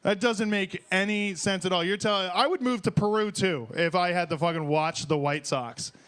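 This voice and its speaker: A young man from Detroit with a notably high voice works through a stand-up set on a small bar stage. He rambles, swears freely and gets worked up as he riffs. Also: moderate pace, smooth. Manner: profane, excitable, rambling. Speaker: open mic comedian.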